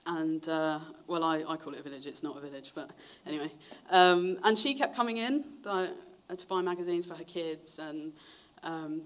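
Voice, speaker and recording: A young man, telling his testimony in a sermon in a chatty way, acting out the voices of people he quotes. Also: fairly bright tone. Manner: chatty storytelling, acts out quoted voices with big pitch jumps. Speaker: preacher.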